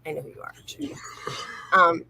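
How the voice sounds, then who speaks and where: A woman's voice: normal speed, bright, forceful tone, rough recording. A woman hosting a casual late-night livestream, reading viewer comments aloud and chatting, laughing easily. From North Carolina, USA. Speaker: livestream host.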